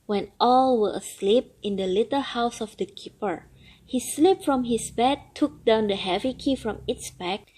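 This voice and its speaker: A woman reading a storybook aloud as the storyteller, in a slow and measured way. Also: medium pitch, a little mellow, breathy edge, low-quality recording.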